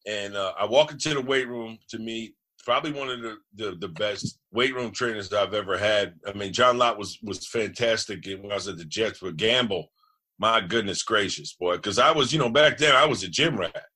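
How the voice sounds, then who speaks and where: A man's voice: on the low side, moderate pace. A middle-aged man from New Jersey, a former quarterback telling boisterous, profane locker-room stories as a guest in casual chat. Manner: boisterous, profane, animated storyteller.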